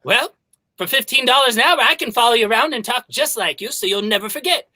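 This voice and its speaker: A man's voice: very high-pitched, quick pace, pushed and bright, voice pushed up, full character voice. A man voicing a pushy street hawker who turns into a folksy Texan dad, with a Texan accent and a barking sales patter. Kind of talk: improvised comedy.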